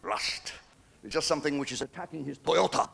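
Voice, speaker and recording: A man's voice: fairly high pitch, racing, vocal fry, a bit bright, long reverb tail. Older English man telling cheeky jokes. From England. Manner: cheeky, chatty joke-telling with chuckles. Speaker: stand-up comedian. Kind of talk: stand-up comedy routine. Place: theatre stage with a live audience. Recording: noisy 1990s VHS stage recording.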